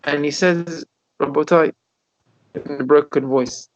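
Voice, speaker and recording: A man, a rabbi, telling stories in a Torah class over a video call, animated and often repeating his words. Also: high-pitched, a little fast. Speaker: rabbi teaching a Torah lesson. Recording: dull lo-fi video call audio.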